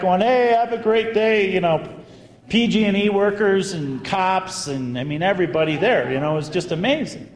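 A man, a priest, telling a story in a sermon in an animated, conversational way with bursts of emphasis. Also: sits high. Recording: echoey hall with long reverb.

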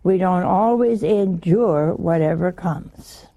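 An older woman gives a homey, informal sermon at an unhurried pace. Her voice is gravelly and mellow, and she keeps asking her listeners questions and laughing along with them. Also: on the low side. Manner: chatty, asks the listeners questions, laughs often. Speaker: religious teacher.

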